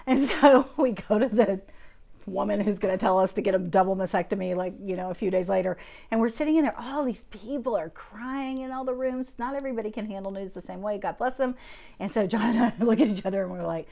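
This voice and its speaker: Speaking a little fast in a slightly high voice, a middle-aged guest speaker shares her testimony through a handheld microphone. Laughter runs through her lively telling as she imitates the people she quotes, and she closes by leading a prayer.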